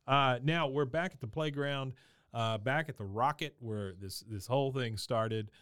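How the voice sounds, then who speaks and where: A man co-hosting a podcast, casually recapping an episode and reading out the characters' lines in quick put-on voices. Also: mid-range voice, fairly bright tone, smooth, no room sound, studio quality. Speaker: podcast co-host.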